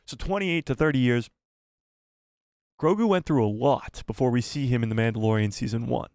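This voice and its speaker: A man hosting a casual live stream, talking with excitement and thinking aloud as he rambles. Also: medium pitch, a little fast, dry recording, clean studio sound.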